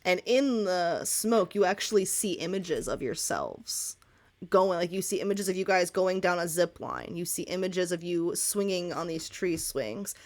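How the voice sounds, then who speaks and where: A woman narrating a tabletop game as game master, lively and laughing often. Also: lowish voice, a little slow.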